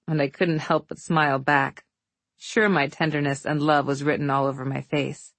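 A woman's voice: deep voice, dry recording. A woman narrating a novel in the first person, with a wry, affectionate storytelling manner. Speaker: audiobook narrator.

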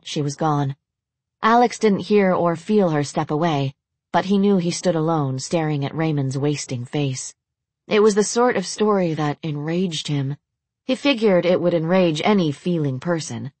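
A woman narrating a novel aloud in a steady storytelling manner. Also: low-pitched, no room sound. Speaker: audiobook narrator. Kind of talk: novel reading.

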